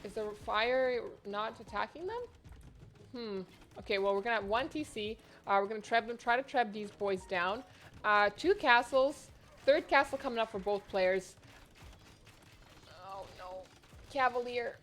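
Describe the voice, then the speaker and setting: A woman hosting her own tournament and casting it live, giving chatty, excitable play-by-play from home. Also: a little high, a little slow. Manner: excitable, chatty, jumps between exclamations. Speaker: tournament host and caster. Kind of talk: live esports play-by-play commentary. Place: home, near the internet modem.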